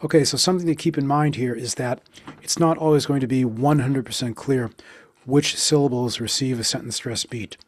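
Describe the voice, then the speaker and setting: A man's voice: mid-range voice, fairly even intonation, no room sound. Dry-voiced man teaching pronunciation. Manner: deliberate, spells out stress beats slowly when counting. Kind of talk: instructional explanation with slow practice drills.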